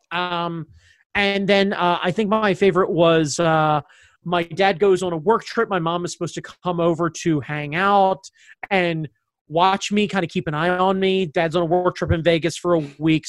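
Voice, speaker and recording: A man's voice: sits high, normal speed, no room sound. Guy from baltimore county suburbs just rambling thru a story, lots of likes and ums, swears a bunch, dry sound. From suburbs of Baltimore County, Maryland. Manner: rambling, many fillers, blunt and profane. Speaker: guest telling a personal story. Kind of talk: casual storytelling chat.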